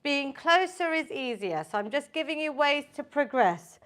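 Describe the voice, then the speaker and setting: A woman's voice: high-pitched, expressive, normal speed, fairly bright tone. A woman leading a live online workout class, encouraging her group and counting the reps aloud. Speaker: fitness instructor.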